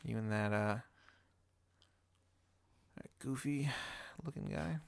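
A man voicing an eerie male spirit with a smoke face, speaking softly and politely with a quiet menace. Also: lowish voice, slow pace, gravelly, smooth, dry recording. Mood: quietly menacing. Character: eerie male smoke-faced spirit, glowing red eye.

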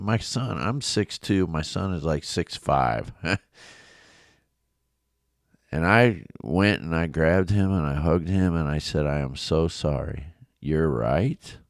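Deep, slow-talking middle-aged pastor. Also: male voice, clear, resonant tone, no echo, clean studio sound. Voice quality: big coach's voice. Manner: earnest, confessional storytelling with many restarts. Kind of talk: devotional podcast teaching with personal story. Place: home office studio.

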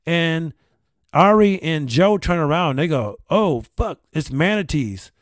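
A man's voice: a little high, animated, a little slow, no echo. A man casually telling a long personal story, rambling with restarts, repeated words and casual swearing. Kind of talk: casual anecdote.

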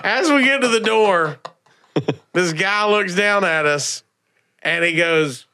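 A man's voice: sits high, slow, clean tone. A man telling a long funny story on a podcast, acting out the people in it and laughing often. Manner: animated storyteller, acts out the people in his tale, laughs often. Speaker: podcast cast member and storyteller. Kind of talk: casual storytelling chat.

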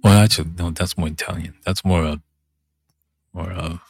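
A man's voice: sits low, fairly even intonation, normal speed, creaky, slightly rough, no echo, studio quality, faint music behind. A man talking casually in a meandering monologue, breaking off and humming filler tunes. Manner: meandering, self-interrupting, hums filler tunes.

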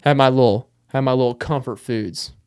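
A young podcast host delivers a casual solo monologue at normal speed, rambling and poking fun at himself. His mid-range voice is smooth and a little mellow.

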